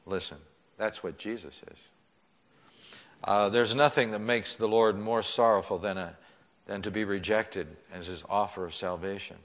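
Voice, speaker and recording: A male pastor preaching an impassioned sermon in a church, swinging between loud pleading and hushed, soft tones. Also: on the low side, steady tone, moderate pace. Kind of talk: sermon with altar call. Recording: long church reverb.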